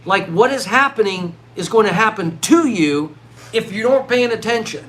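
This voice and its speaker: A man's voice: high-pitched, moderate pace. A middle-aged man delivering a worked-up vlog rant, full of restarts and repeated words. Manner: animated, worked-up ranting with many restarts. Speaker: vlogger. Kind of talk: ranting vlog monologue.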